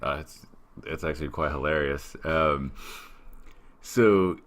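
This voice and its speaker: Man with an extremely deep voice hosting. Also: slow, fairly bright tone. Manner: meandering questions full of fillers. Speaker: podcast host. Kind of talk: interview questions.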